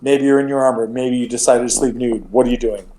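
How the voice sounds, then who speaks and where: A man's voice: mid-range voice, steady tone, fast talker, crowd noise. Rambling casual male game master. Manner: casual, rambling with frequent restarts. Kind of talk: narrating a tabletop game.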